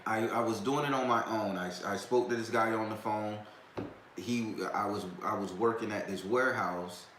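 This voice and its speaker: A man talks to his viewers in a loose, rambling way, circling back with slangy asides. His voice sits on the low side. The recording is echoey, with a faint hiss of background noise. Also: fairly even intonation, normal speed, a bit bright. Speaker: host of a talk stream. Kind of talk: casual storytelling to viewers.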